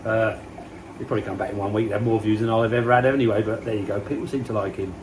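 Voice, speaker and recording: A fifty-something Englishman talks fast on his koi vlog from beside a garden pond outdoors, rambling, swearing casually and laughing at himself. His voice is fairly low and his intonation fairly even, with background noise throughout.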